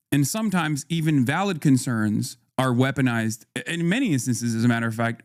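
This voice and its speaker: A man's voice: mid-range voice, no room sound, clean studio sound. A man streaming live and talking casually to his chat, profane and conversational, reading viewer comments aloud and arguing back. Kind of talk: casual livestream talk to chat.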